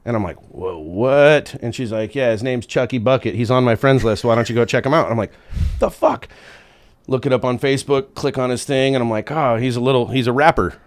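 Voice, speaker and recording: A man chatting as a podcast guest, easygoing and loose-tongued, spinning a story with plenty of swearing. His voice sits at an ordinary middle pitch, and he slips into the voices of the people he quotes as he goes. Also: fast talker, hardly any pauses. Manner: profane, laid-back, acts out quotes. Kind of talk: casual storytelling chat.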